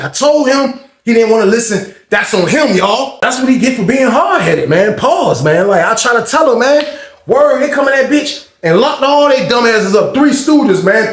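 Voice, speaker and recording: Gravelly man telling a rowdy story. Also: very high-pitched, normal speed, echoey room. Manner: animated, slangy, acts out scenes. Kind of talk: casual storytelling.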